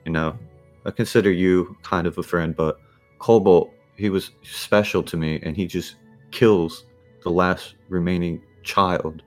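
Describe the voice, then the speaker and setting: A man doing a weary, grieving adventurer with a deep, heavy voice. He sounds bitter, and each word comes out low and worn. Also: fairly even intonation, a little slow, soft background music. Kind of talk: tabletop role-play.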